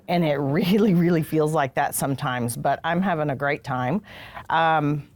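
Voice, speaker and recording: A woman's voice: sits low, moderate pace, a little mellow. A middle-aged woman hosting a casual onstage interview, chatty and self-deprecating, joking with her guest. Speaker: host, HR director. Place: live event room with audience.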